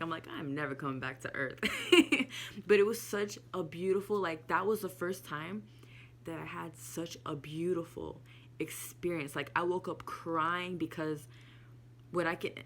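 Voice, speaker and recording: A woman's voice: sits low, fairly bright tone, slight background noise. A woman casually telling a personal spiritual story to camera, candid and emotional, swearing freely. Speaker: spiritual vlogger.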